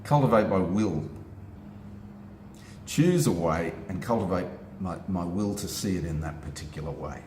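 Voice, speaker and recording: Self-help speaker, male, lowish voice, lively emphatic delivery, roomy echo. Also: normal speed, background noise. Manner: animated, emphatic, steps through points. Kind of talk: motivational talk to camera. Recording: echoey room with faint ambience.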